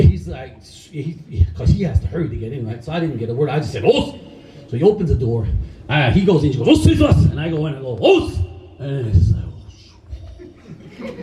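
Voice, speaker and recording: A middle-aged man telling a story on stage in a casual, animated way, swearing freely. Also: medium pitch. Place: stage in a large hall. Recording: roomy hall, mic at a distance, faint noise.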